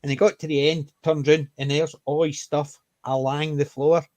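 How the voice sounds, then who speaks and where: A middle-aged man telling family stories in casual conversation, animated and lively. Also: a little high, normal speed, no echo. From Scotland. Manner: animated anecdote teller, lively.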